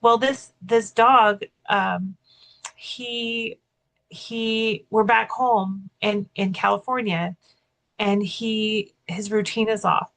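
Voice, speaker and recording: A woman's voice: mid-range voice, steady tone, slow, gravelly, fairly bright tone, low-quality recording. A woman co-hosting a podcast, telling a story in casual chat, full of fillers and restarts. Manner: chatty, many "like" fillers and restarts. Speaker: podcast co-host and keynote speaker.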